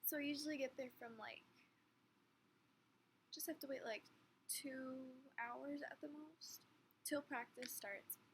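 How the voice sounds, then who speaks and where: A young woman in her late teens telling a story in a rambling, animated way, full of filler words. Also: high voice, unhurried, pauses often, low-quality recording. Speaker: vlogger. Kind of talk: casual storytime chat. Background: faint fan hum.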